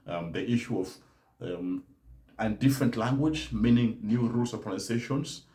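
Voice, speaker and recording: A man's voice: on the low side, normal speed, warm tone, echoey room. A man teaching German learners in a live-stream talk, speaking emphatically and often adding "right?" to his points. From Kenya. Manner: emphatic, tags statements with "right?".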